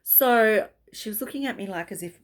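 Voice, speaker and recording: A woman's voice: mid-range voice, lively intonation, moderate pace. A woman vlogger talking casually to camera, rambling and chatty, breaking into laughs often.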